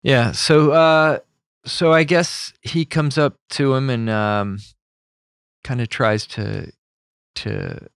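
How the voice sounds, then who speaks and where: A man in casual chat among friends, telling stories and slipping into quick impressions. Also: mid-range voice, dry recording, clean studio sound. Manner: lively, tosses off gravelly celebrity impressions.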